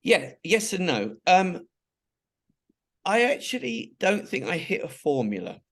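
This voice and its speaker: A middle-aged or older Englishman, a charity founder being interviewed, tells stories in a rambling, conversational way full of restarts and asides. His voice sits high and sing-song, a little slow, with a fairly bright tone.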